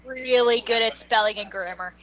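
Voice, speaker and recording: A woman in a casual group chat, animated and giggly as she tells a story. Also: fairly high pitch, normal speed, dull audio, background noise.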